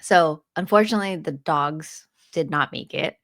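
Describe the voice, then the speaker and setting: Speaking at normal speed in a low-pitched, slightly bright voice, a woman co-hosting a podcast retells a story in casual conversation, laughing often. She's also a landlord. The sound is clean studio audio without echo.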